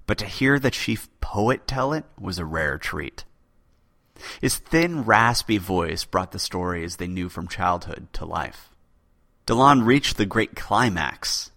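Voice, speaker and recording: Man, podcast host, dramatic story narration, deep voice, bright and forceful. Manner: lively, dramatic delivery.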